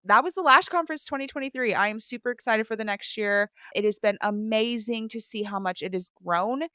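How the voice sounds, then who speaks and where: A young woman runs her own podcast, speaking candidly and chattily with lots of fillers, sometimes teary and sniffling. Her voice is a little high, brisk, pushed and bright, with a clean tone. The recording comes from a studio microphone, clean studio sound with no room sound.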